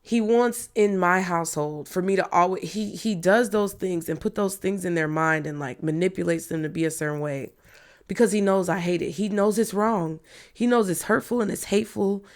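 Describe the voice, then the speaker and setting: Woman in her thirties, lowish voice, blunt and emphatic, candid talk straight to viewers. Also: moderate pace. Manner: blunt, emphatic, swears freely. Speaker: tarot reader.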